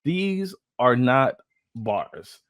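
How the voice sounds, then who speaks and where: A man co-hosting a casual chat, animated and laughing often as he talks about rap craft. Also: mid-range voice, very slow, background noise. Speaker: co-host reacting to a song.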